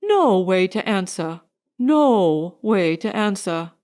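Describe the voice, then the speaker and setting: A woman's voice: mid-range voice, animated, slow, a little mellow. A woman voicing a fussy, anxious male butler who speaks deferentially and in a flustered way.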